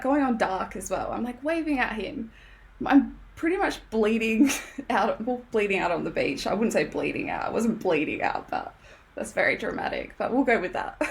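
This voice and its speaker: Laughing frequently, a young Australian podcast guest animatedly recounts a story and performs the lines people spoke. Her voice sits on the higher side with a creaky texture.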